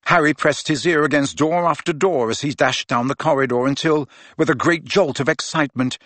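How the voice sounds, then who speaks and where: A male audiobook narrator reading fiction with a steady, even delivery. His voice is bright and a touch husky, recorded dry and close with no room sound. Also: mid-range voice, dry recording.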